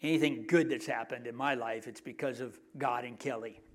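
A middle-aged man preaching a sermon in a conversational, joking way, often dropping his voice to hushed asides. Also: mid-range voice, steady tone, a little fast. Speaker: pastor.

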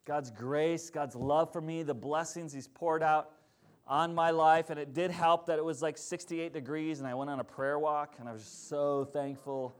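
A man's voice: on the high side, steady tone, normal speed, smooth. A male pastor preaching a sermon in a conversational storytelling manner, asking the congregation questions along the way.

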